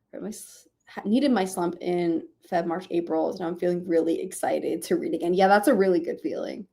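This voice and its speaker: A woman's voice: lowish voice, steady tone, brisk, vocal fry, hardly any pauses, dark tone. Woman streamer, casual and chatty, a bit sleepy, laughs easily while brainstorming with chat. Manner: chatty, laughs often, thinks aloud. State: sleepy, yawning. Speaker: streamer hosting reading sprints.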